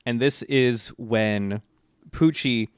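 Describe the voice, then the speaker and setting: A man's voice: mid-range voice, slow pace, clean tone, dry recording, clean studio sound. A man co-hosting a podcast, retelling anime scenes in casual chat, laughing often and leaning on fillers. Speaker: podcast co-host.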